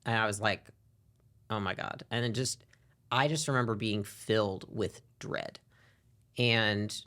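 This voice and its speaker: A young adult woman, a podcast guest, frankly telling a personal story, reflective, sometimes rushing and sometimes dropping quiet. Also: very deep voice. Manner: frank and reflective, often speeding up and trailing off quietly. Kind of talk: candid personal story in an interview.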